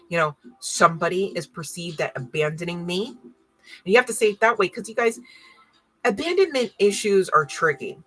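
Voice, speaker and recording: A woman with a lowish, husky voice gives a casual tarot reading to her online audience. She talks in an emphatic, preachy way and fires off rhetorical questions. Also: fairly bright tone. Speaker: tarot card reader.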